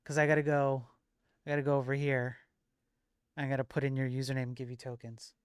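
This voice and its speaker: A man hosting a livestream and chatting to viewers in a loose, rambling way. His voice is smooth and clear, and the sound is dry and close. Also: mid-range voice, level tone, a little fast, no room sound. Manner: rambling, full of fillers and restarts. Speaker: livestream host and moderator. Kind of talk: casual stream chat.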